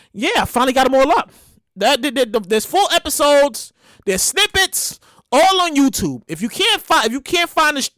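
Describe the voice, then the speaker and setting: A woman hosting a casual solo podcast, loud, profane and laughing often. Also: high-pitched, no room sound, studio quality. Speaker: podcast host.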